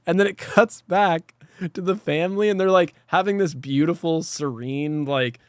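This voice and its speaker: A man's voice: on the high side, normal speed, clean tone, dry recording, clean studio sound. A man co-hosting a podcast, retelling a cartoon episode in casual chat, acting out lines and sound effects and swearing freely. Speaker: podcast co-host.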